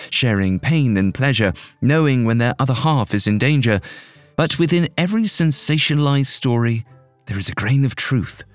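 A man's voice: medium pitch, no room sound, lightly acted. A man voicing an eccentric, cheerful woman researcher in a scripted audio drama, sounding eager and matter-of-fact. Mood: enthusiastic.

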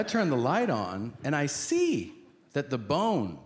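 Male stand-up comic, unhurried, swoopy lively pitch; live stage mic with steady room noise. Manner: drawn-out comic delivery, acting out quotes. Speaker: stand-up comedian. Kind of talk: stand-up storytelling. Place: stage before a live audience. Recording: live show with hall noise.

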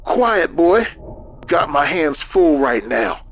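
A man's voice: mid-range voice, measured pace, a little hiss or hum, close to an everyday voice. A man voicing a menacing, possessed man who taunts and sneers, in a horror audiobook. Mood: taunting.

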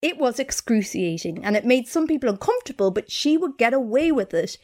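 A woman with a fairly high voice narrates a story on a comedy podcast. She keeps her account moving and puts on voices for the quoted lines. She speaks as a co-host. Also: a little fast. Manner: animated narration with acted-out quotes.

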